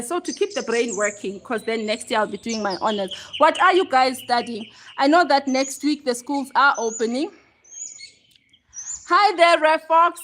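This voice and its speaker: Woman, 40s, livestream host, high bright voice, chatty and a touch breathless, phone mic with light hiss. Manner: chatty, greets viewers by name. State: a bit out of breath. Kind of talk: casual livestream chat. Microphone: phone held close.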